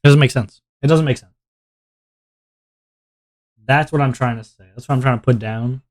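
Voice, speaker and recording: A slightly mellow, medium-pitched man speaks at a normal pace, chatting with his stream audience while drawing. He drifts from topic to topic, mocks himself, and laughs often.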